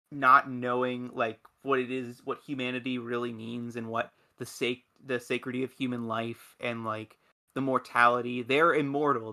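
A man's voice: medium pitch, pushed and bright. A man in casual podcast chat, rambling and enthusiastic, with many restarts. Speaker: podcast host.

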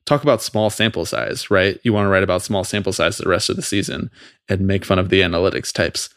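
A man co-hosting a podcast, ranting in a fast, profane, exasperated way about something that annoys him. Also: low-pitched, steady tone, no room sound, clean studio sound. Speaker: podcast co-host. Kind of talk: heated casual podcast rant.

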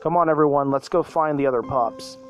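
A man's voice: on the high side, a little fast, faint music behind, close to an everyday voice. A man voicing a caring young female puppy in a storybook reading, raising his voice well up to sound like a girl pup who worries about her friends. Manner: concerned, warning tone.

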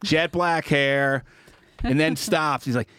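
A man co-hosting a comedy podcast, riffing fast and laughing between lines. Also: a little high, fairly bright tone, clean tone, no room sound, studio quality. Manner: riffing, does quick voices and keeps laughing. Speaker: podcast co-host. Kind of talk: casual comedy banter.

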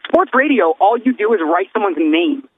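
A man's voice: sits high, very animated, moderate pace, narrow, tinny audio, noisy background. A man co-hosting a podcast, talking in a casual, earnest, rambling way. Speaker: podcast co-host. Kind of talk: casual chat.

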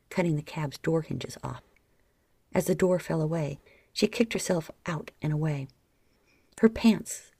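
A woman reading an erotic story aloud as audiobook narration, often sinking into a soft whisper. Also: low voice, gravelly, breathy edge, no room sound. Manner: soft, frequently dropping into whispers.

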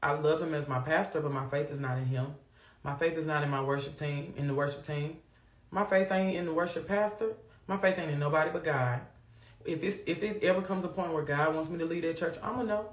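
A woman hosts a live faith talk, speaking in an animated, preachy, down-to-earth way to her viewers. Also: low-pitched, a little fast. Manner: animated, preachy Southern-flavored vernacular. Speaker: host of a faith livestream. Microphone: phone or webcam on a live stream. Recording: echoey room.

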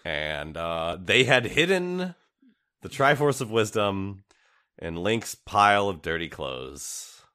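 Low-ish voiced dude rambling on a podcast, laughs a lot, trails off. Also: male voice, big pitch swings, slow pace, pushed and bright, smooth. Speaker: podcast co-host. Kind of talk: casual chat. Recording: remote recording from home.

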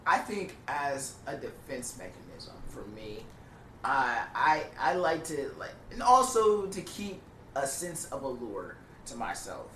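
A young man telling a profane, animated story in a casual podcast chat. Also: medium pitch, a little slow. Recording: echoey room, distant mic, faint noise.

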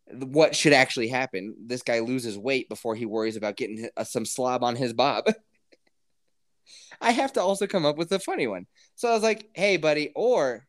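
Animated, crude-talking male podcast host. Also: mid-range voice. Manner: crude, laughing, acts out other people's lines. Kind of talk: casual podcast storytelling.

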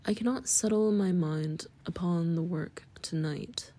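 A man's voice: sits high, unhurried, dark tone. A woman reading the part of a lonely husband who speaks in a thick, tired voice. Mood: pleading.

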